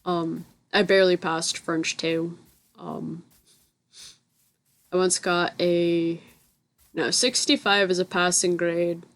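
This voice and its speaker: A woman's voice: lowish voice, little pitch movement, takes it slowly, long pauses. A young woman from the United States telling a rambling story in a casual voice-over, often stopping to correct herself. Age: young adult. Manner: rambling, self-correcting, chatty. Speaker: gaming channel host. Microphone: voice-over recorded separately from the game footage.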